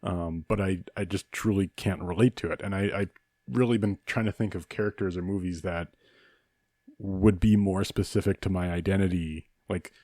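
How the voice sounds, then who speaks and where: Deep-voiced man thinking aloud. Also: steady tone, moderate pace, mellow, dry recording, clean studio sound. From Saskatchewan, Canada. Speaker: podcast co-host. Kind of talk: casual discussion.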